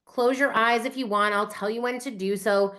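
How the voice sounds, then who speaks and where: A woman fertility practitioner leading a guided meditation and hypnosis session in a gentle, soothing way. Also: a little high, steady tone. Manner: gentle, soothing, speaks slowly on breath cues.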